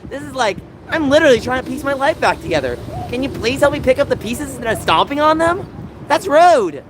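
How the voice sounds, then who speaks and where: A man's voice: extremely high pitch, big pitch swings, a little fast. A man live-streaming from his phone outdoors, talking to his chat in distressed, pleading rants. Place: outdoors on city streets. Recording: phone stream with loud street noise.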